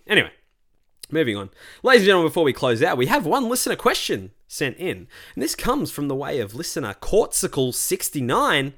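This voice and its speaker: A man hosting a solo podcast, ranting about ads and answering a listener question, addressing his audience as ladies and gentlemen. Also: fairly high pitch, wildly swooping pitch, fairly quick. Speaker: podcast host.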